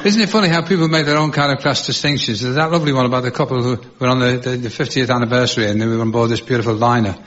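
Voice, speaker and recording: Liverpudlian old-school gag teller. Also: male voice, mid-range voice, racing, hardly any pauses. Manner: telling one-liner jokes with put-on voices. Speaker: veteran comedian. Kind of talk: gag-telling stand-up. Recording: lo-fi recording with loud noise.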